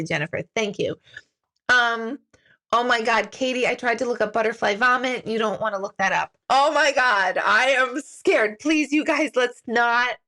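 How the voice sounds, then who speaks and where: Giggly, animated woman chatting live. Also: a little high. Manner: giggly, self-mocking, animated. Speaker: intuitive reader hosting a live stream. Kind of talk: casual live-stream chat with viewers.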